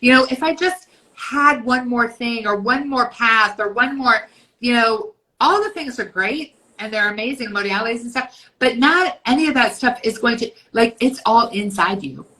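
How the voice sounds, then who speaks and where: A woman in her fifties with a bright, forceful tone, speaking a little higher than most women. She talks bluntly in casual podcast chat, swearing freely and slipping into quick voiced asides. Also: low-quality recording. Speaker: podcast co-host.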